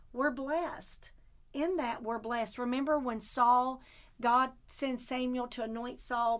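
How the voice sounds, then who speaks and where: A fervent woman preaching in a conversational way, weaving in scripture lines. Her voice sits slightly higher than usual. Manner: fervent, quotes scripture, answers with affirmations.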